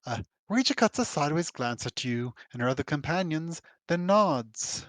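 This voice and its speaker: A man's voice: on the high side, expressive, moderate pace, a bit bright, no room sound. A man running a tabletop game as game master, narrating with laughing, self-deprecating asides.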